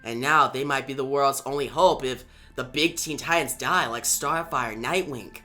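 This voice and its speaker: A man's voice: mid-range voice, moderate pace, sharp tone, faint music behind. A man reviewing a comic book, retelling the story in a casual way with chatty asides.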